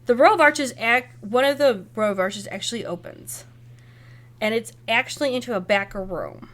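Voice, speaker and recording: Woman narrating as game master, lively. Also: fairly high pitch, moderate pace. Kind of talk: narrating a tabletop role-playing game.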